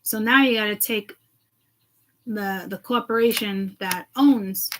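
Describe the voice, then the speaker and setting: A woman's voice: medium pitch, slow pace, fairly bright tone, slight background noise, rough recording. A woman speaking to her viewers in a loose, rambling monologue, agitated and swearing freely. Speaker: self-described seeress.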